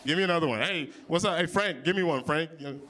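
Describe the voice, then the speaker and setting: A man in his early thirties doing improvised stand-up comedy on audience topics, with big jumps in pitch when he quotes people. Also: fast. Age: 30s. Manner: animated, jumps high for quoted voices. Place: comedy club stage. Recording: live venue with audience.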